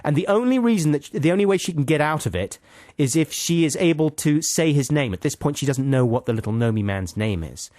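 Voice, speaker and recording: A man's voice: a little high, expressive, brisk, few pauses, darkish tone, no room sound, studio quality. A man co-hosting a comedy talk show, retelling a fairy tale with lots of tangents, asides and caveats. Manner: rambling, tangent-prone, full of asides and caveats. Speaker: radio show co-host. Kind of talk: comic storytelling chat.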